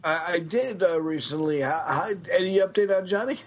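A man hosting a casual podcast, joking and swearing, with lots of fillers and restarts. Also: high voice. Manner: joking, profane, halting with fillers. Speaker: podcast host. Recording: dull lo-fi sound.

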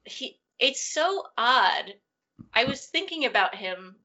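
Slow-talking woman in casual chat. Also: on the high side, very animated, sharp tone. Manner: laughs often, trails off mid-sentence. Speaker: podcast co-host. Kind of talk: casual movie discussion. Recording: dull lo-fi audio.

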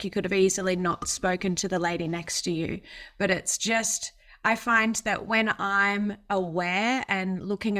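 A woman hosting a podcast, sharing reflective thoughts in a calm, earnest way. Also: medium pitch. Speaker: podcast host. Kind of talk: conversational interview.

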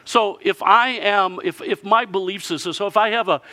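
A man preaching a sermon, telling a story with lively delivery and answered by the congregation. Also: sits high, normal speed. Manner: lively storytelling, acting out villagers in character.

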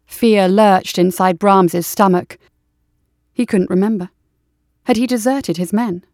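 A woman narrating an audiobook in a steady, even storytelling manner. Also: medium pitch, a little slow, no echo, studio quality.

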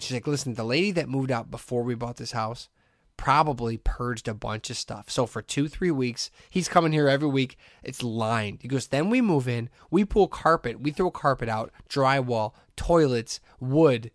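Animated man telling a story, dry sound. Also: medium pitch, no echo. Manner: animated storyteller, acts out quotes, laughs often. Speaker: podcast co-host. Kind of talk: casual storytelling chat.

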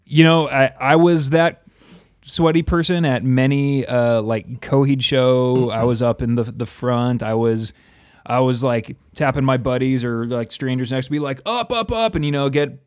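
A man's voice: mid-range voice, fairly even intonation, moderate pace, a little mellow. A man co-hosting a podcast in casual chat, rambling through his thoughts. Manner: rambling, lots of "like" fillers. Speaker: podcast co-host.

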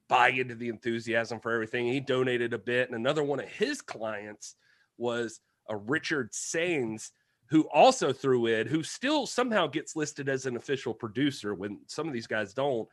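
A male podcast co-host with a medium-pitched voice keeps the casual chat animated and jokey, tossing in humorous asides. The sound is clean studio audio with no echo.

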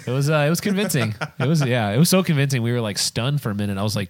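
A man's voice: medium pitch, animated, very fast, hardly any pauses, no echo. A man hosting a loose podcast chat, with a voice that rises and falls a lot. He jokes, swears freely and keeps laughing as he talks. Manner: joking, profane, laughs often. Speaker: podcast host.

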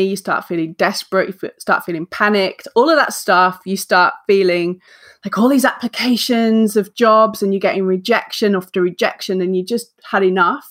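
A woman in her forties, a guest author on a podcast, telling a story with energy, acting out her own self-talk and laughing at herself. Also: mid-range voice. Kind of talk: casual podcast interview.

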